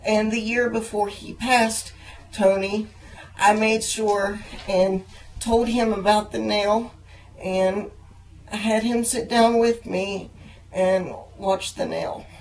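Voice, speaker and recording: A young man interviewing a guest, earnest and halting, with frequent fillers and restarts. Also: sits high, fairly even intonation, rough recording. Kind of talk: casual interview chat.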